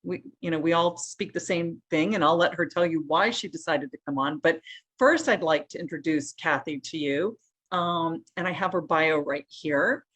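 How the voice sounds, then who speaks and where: A woman's voice: low voice, moderate pace, a bit bright. A woman hosting a podcast interview over a remote call, chatty, laughing often and making self-deprecating asides. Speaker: podcast host. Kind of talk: casual interview chat.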